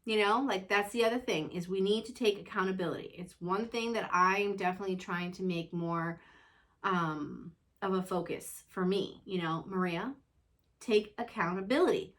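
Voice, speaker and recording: An earnest woman in casual, reflective conversation, sharing her thoughts on motherhood. She talks in a loose, unscripted way, sometimes quiet and sometimes lively, and keeps checking in with the listener. Her pitch sits in an ordinary middle range. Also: normal speed. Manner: conversational, earnest, self-reflective, leans on "you know". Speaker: mother and show host.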